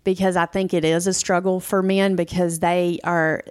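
A woman's voice: on the low side, flat delivery, normal speed, smooth, dry recording, studio quality. A woman co-hosting a casual chat, talking earnestly and encouragingly, repeating phrases for emphasis. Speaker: podcast co-host.

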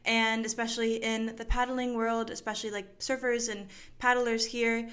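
A woman's voice: fairly high pitch, little pitch movement, normal speed, a bit bright. A young woman who grew up in Mexico hosts a personal podcast monologue. She talks in a reflective way and often uses fillers like "like" and "I guess". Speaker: podcast host.

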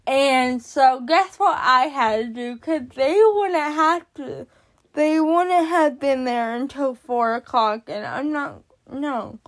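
A woman's voice: high voice, takes it slowly. A woman hosting a podcast, telling a personal story in casual talk, exasperated and swearing now and then. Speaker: podcast host.

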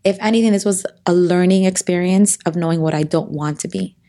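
A woman's voice: fairly low pitch, a little fast, warm tone. A woman in her thirties, a podcast guest speaking earnestly and openly in a heartfelt conversation, often restarting her sentences.

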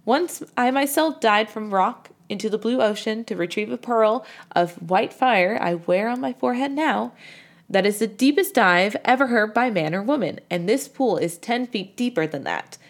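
A woman voicing a proud young woman in a storybook who speaks in a measured, self-assured way. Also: fairly high pitch, animated.

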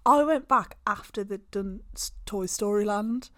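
A woman's voice: medium pitch, a little slow, fairly bright tone, dry recording, clean studio sound. A woman co-hosting a casual chat, telling stories animatedly and acting out what others said.

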